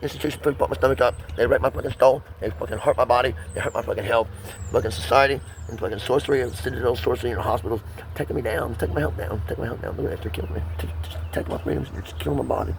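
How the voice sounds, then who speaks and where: An American man with a gravelly, mid-range voice delivers a rambling vlog monologue to the camera. He talks rapidly and under pressure, swearing in nearly every sentence. There is slight background noise.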